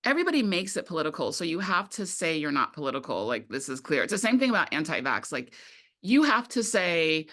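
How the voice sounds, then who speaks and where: A woman filmmaker talking casually in an interview, animated and quick to act out what others said, with many "like" fillers. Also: sits low. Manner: animated, acts out quoted voices, many "like" fillers. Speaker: documentary filmmaker, guest.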